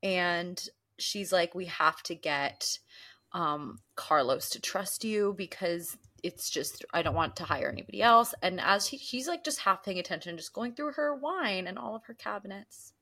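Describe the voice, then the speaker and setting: A young woman co-hosting a casual recap chat, talking through scenes and acting out lines in quick voices. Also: fairly low pitch, expressive, sharp tone. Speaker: podcast co-host.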